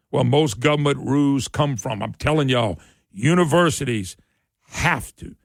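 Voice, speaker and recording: A man's voice: medium pitch, creaky, no room sound. A middle-aged man, hosting talk radio in an opinionated political monologue. He talks in a fiery, emphatic way, repeats his points and climbs sharply when worked up.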